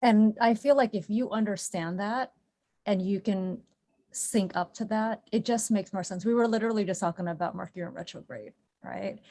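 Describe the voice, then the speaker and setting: A woman's voice: mid-range voice, moderate pace, warm tone. A woman with a mid-range voice hosts an interview conversation. She sounds affirming and encouraging, and she steers the talk with open questions. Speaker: podcast host.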